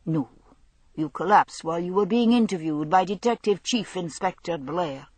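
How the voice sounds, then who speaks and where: A woman's voice: on the low side, normal speed, darkish tone, no echo, lightly acted. A woman voicing an easygoing young male constable, in an audiobook. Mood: earnest. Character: young Highland police constable, man, easygoing.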